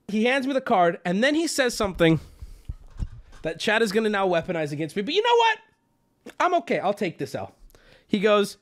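A man with a high, lively voice tells a story with a streamer's restless energy. He swears freely and sounds exasperated, and he jumps into the other people's lines as he acts them out. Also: normal speed. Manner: exasperated, swearing, acting out both sides of the story. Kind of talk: animated storytelling rant.

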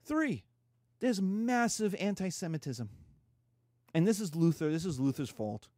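A man's voice: high-pitched, lively intonation, unhurried, a little mellow, no room sound, studio quality. A man giving a casual, irreverent history lecture, acting out quotes in slangy voices.

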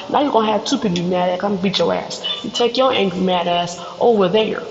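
A woman's voice: medium pitch, a little fast. A woman hosting a solo podcast, ranting bluntly and with plenty of swearing, acting out little scenes as she talks. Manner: blunt, profane, animated, acts out little scenes. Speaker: podcast host. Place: studio. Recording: echoey room, dull sound, faint noise.

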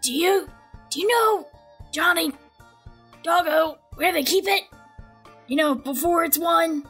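A woman playing an eager bright-voiced dog. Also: very high voice, unhurried, faint music behind. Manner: rambling, hesitant. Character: eager small dog hunting treats, disguised.

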